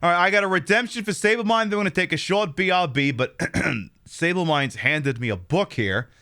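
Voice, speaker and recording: A man's voice: high-pitched, brisk, pushed and bright, some chatter behind. A man hosting a casual live stream, jokey and profane, reading chat names and thanking viewers.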